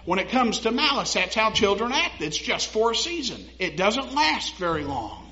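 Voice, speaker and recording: A young man delivers a sermon in a high, bright voice. He talks to his congregation casually and laughs at his own anecdotes, then builds to emphatic appeals. The recording sounds muffled and lo-fi. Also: sing-song, normal speed, few pauses. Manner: conversational preaching, laughs at own stories, rises to emphatic. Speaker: pastor. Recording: dull lo-fi sound.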